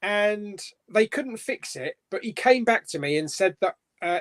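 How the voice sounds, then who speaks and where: A man's voice: high-pitched, lively intonation, normal speed, few pauses, a bit bright. A man hosting a casual live-stream chat, rambling along with lots of fillers and restarts. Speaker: host.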